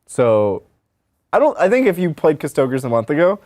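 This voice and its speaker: A man co-hosting a casual gaming podcast with a lively, swinging pitch. He explains rules in an animated way and laughs easily. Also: normal speed. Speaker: podcast co-host. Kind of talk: casual chat answering questions.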